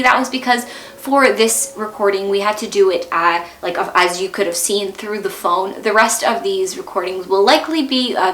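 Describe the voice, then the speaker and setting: A woman's voice: medium pitch, fairly bright tone, echoey room. A young woman hosting a video series, emotional and rambling as she wraps up an interview. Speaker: host. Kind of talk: vlog outro.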